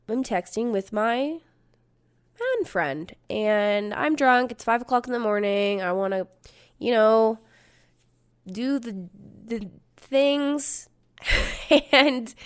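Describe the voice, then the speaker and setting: A woman's voice: mid-range voice, clean tone. A woman of thirty, a podcast host telling a story in casual chat, swearing freely and acting out the voices of the people she quotes. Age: 30s. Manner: profane, animated, acts out quotes.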